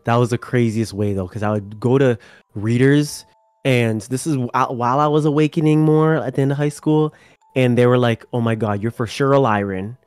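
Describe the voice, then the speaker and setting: A young man hosting a casual spiritual chat, talking in a relaxed, rambling way and swearing now and then. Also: medium pitch, normal speed, clear, resonant tone, no room sound. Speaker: channel host.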